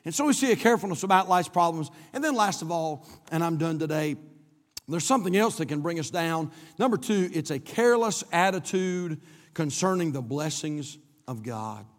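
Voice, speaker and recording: A man's voice: on the high side, lively intonation, moderate pace, long reverb tail. A male pastor delivering an emphatic, repetitive sermon in a church, swinging his delivery up and down. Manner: emphatic, repetitive preaching with rising and falling delivery. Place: church sanctuary, live-streamed.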